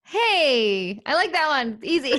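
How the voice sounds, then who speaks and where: A woman hosting a podcast in a casual chat. She talks playfully, laughs often and thinks out loud. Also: high-pitched, very animated, slow. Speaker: podcast host.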